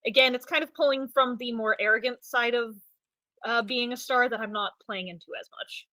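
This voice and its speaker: Woman player, fairly high, bright tone, dry sound, thoughtful explainer. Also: brisk, no room sound. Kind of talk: casual chat about her character.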